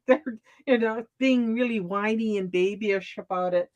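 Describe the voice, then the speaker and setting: Slow-talking woman in a halting casual chat. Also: medium pitch. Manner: halting, many restarts, laughs often.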